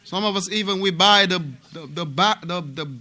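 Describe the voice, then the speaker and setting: A man from Africa teaching a religious class at a mosque, animated and repetitive, often asking his students questions. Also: sits high, moderate pace. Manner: animated, repeats words and asks students questions.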